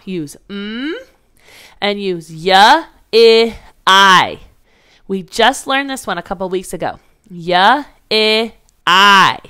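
Slow, patient woman teaching phonics. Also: medium pitch, fairly bright tone, smooth. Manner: slow, patient, drawn-out sounding out of letters. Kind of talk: phonics lesson for young children.

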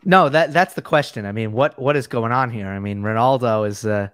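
A man's voice: medium pitch, brisk, a bit bright, smooth, no echo, studio quality. A man appearing as a guest tennis analyst in a casual chat, easygoing and searching for words as he talks. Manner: easygoing, hesitant with fillers and restarts.

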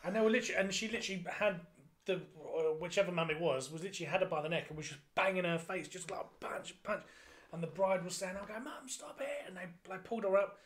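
Young man, function band drummer, lively and sweary anecdotes in a casual chat. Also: high voice, fast talker. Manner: animated anecdotes, swearing, acting out voices.

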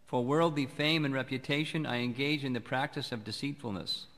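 Calm man preaching in a reverberant hall. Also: mid-range voice, a little fast. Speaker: spiritual teacher giving a lecture. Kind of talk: sermon. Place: temple hall.

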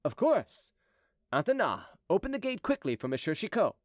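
A man's voice: high voice, big pitch swings, normal speed, dry recording, studio quality, pitched above the performer's own voice. A man voicing a polite but stubborn male gate officer who talks in a courteous, unyielding way.

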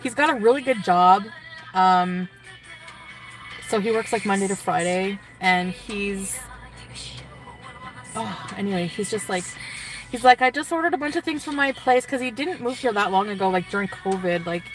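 A woman's voice: mid-range voice, expressive, normal speed, long pauses, distant mic, poor audio. A young woman vlogger chatting to her viewers, giddy and gushing, full of likes and sighs. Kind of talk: casual chat to viewers. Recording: music in the background. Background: music playing.

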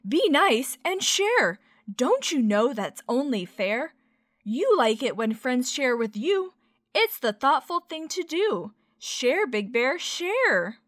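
Woman playing a patient but stern old oak tree in a storybook, firm and slow, pitch rising and falling. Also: animated, a bit bright, dry recording, studio quality, full character voice.

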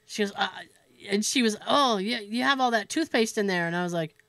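A woman co-hosting a podcast, telling a story in an animated, profane way and laughing as she goes. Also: medium pitch, fairly quick, dry recording. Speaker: podcast co-host. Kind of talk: casual storytelling chat.

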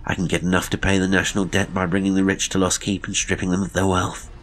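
A man's voice: sits low, monotone, fast talker, a bit bright, slight background noise. A man voicing a suave, menacing villain who speaks with chilly, biting scorn. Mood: gloating.

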